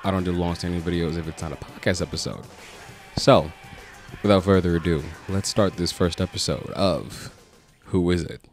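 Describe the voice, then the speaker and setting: A man's voice: deep voice, steady tone, normal speed, music in the background. A young man hosting a comic book podcast, narrating a video essay in a casual, joking way with some swearing. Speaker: podcast host.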